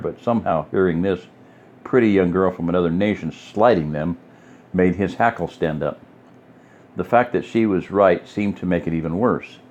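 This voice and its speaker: A man reading a story aloud in a relaxed, informal way, breaking off for offhand asides and apologies. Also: sits low, highs cut off. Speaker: audiobook reader.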